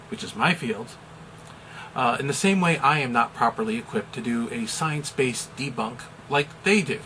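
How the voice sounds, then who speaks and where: A middle-aged American man, a chaplain, explaining a topic in a measured, deliberate way with some fillers. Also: mid-range voice, sharp tone, a little hiss or hum, poor audio. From United States. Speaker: chaplain and pastor. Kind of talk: explanatory video commentary.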